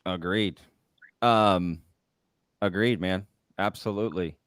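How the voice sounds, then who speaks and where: Smooth-voiced male host, dry sound. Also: low voice, slow pace, no echo. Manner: relaxed, hedging, frequent fillers. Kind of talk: casual interview.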